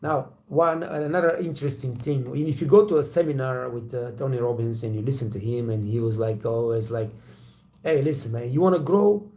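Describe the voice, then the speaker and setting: Gravelly blunt man. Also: medium pitch, fairly even intonation, fairly quick, hardly any pauses, mellow. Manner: blunt, profane, storytelling with acted quotes. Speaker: waiter trainer and channel host. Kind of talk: casual motivational talk to camera.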